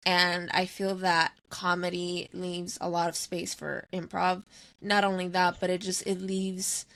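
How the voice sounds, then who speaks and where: A woman speaking as a guest in a casual podcast chat, quick and upbeat. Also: lowish voice, monotone, creaky, fairly bright tone.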